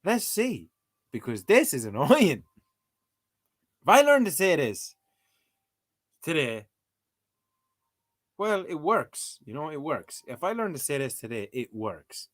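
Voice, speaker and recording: A man's voice: fairly high pitch, very animated, measured pace, pauses often. A young Irish man vlogging casually in a playful, exasperated way, repeating words as he tries them out. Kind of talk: casual video chat.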